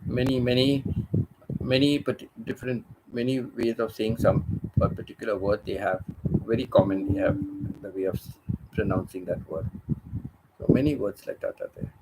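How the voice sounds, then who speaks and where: A man's voice: on the low side, normal speed, very noisy. A man chatting casually as a channel host, repeating phrases and restarting his sentences. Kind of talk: casual rambling chat. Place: living in Thailand.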